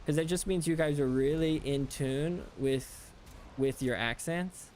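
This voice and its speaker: A man's voice: fairly high pitch, unhurried, a little mellow, slight background noise. An American man chatting casually with his stream chat while playing a game, rambling and talking things through as he goes. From United States.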